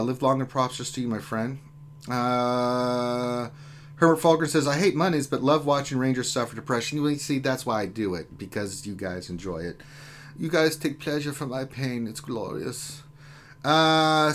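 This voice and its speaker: A man's voice: medium pitch, normal speed, a bit bright, slight background noise. A man hosting a lunchtime gaming live stream, joking around and reading out viewer comments in a casual chat. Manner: joking, banter-filled.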